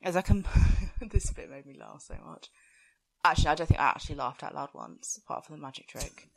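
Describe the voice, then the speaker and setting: A woman's voice: sits low, brisk, creaky, a bit bright. A woman co-hosting a podcast, recapping a film in casual, giggly chat and swearing freely. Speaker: podcast co-host.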